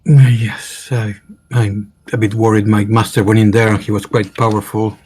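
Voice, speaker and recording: A man's voice: lowish voice, flat delivery, normal speed, darkish tone, slightly rough, no echo. A man playing a character in a tabletop game, hedging with many fillers. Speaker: player.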